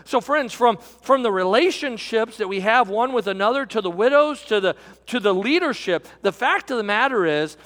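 A man's voice: high voice, lively intonation, moderate pace, hardly any pauses, fairly bright tone, long reverb tail. A middle-aged man pastor preaching a sermon, telling a folksy personal story and calling his listeners friends.

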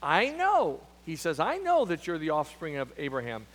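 A man's voice: on the high side, huge pitch swings, moderate pace, fairly bright tone. A man preaching a sermon as pastor, emphatic, with frequent restarts and fillers. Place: church sanctuary. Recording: long hall reverb.

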